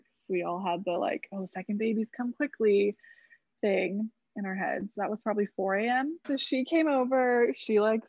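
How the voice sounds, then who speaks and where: A young woman, a podcast guest, recounts her birth story in a chatty way, saying "like" constantly and swearing casually. Her voice sits in the mid-range, and the recording is slightly dull, dry and free of echo.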